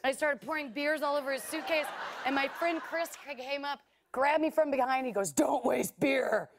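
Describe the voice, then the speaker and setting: A woman's voice: high-pitched, fairly quick, noisy background. A woman guest on a late-night talk show, animatedly telling an anecdote and acting out what people said. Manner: animated storytelling, acting out quotes.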